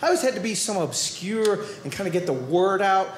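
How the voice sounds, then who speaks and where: A man with a Boston accent doing a stand-up comedy routine on stage, playful and animated, now and then shouting asides and then dropping quiet. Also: high-pitched, fairly quick. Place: comedy club stage before a live audience. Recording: roomy live stage recording.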